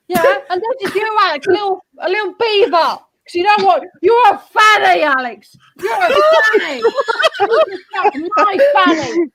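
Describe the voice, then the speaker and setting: A woman putting on a foul-mouthed male celebrity chef, shouting British insults in a comedy roast. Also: very high voice, exaggerated voice.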